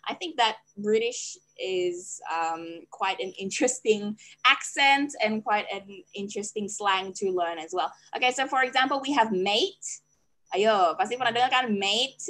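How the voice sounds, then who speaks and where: A woman's voice: mid-range voice, moderate pace, a bit bright, rough recording. A woman from Australia, giving a casual lecture over a video call in a chatty, teacherly way and checking in with her listeners. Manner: switches languages mid-sentence. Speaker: teacher presenting at a webinar.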